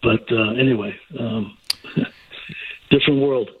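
An older man, a guest on a sports radio show, speaking haltingly and repeating his words as he chats. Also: mid-range voice, slight background noise. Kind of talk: sports radio call-in chat. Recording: tinny phone line.

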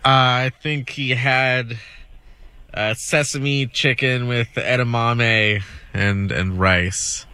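Slow, hesitant man with bright tone. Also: mid-range voice, fairly even intonation, clear, resonant tone, dry recording. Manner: hesitant, drawn-out answers. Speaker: show crew member. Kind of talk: radio talk show banter.

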